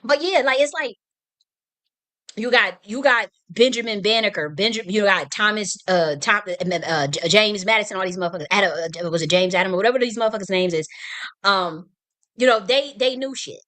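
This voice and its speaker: A woman's voice: mid-range voice, a little fast, pushed and bright. A woman hosting a livestream, delivering a heated, profane political rant full of restarts and repetition. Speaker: livestream host. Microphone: streaming mic.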